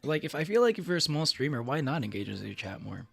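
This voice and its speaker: Gravelly young man rambling on stream. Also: medium pitch, very animated, quick pace, a bit bright, soft background music. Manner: rambling, many fillers and restarts, laughs often. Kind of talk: casual livestream chat.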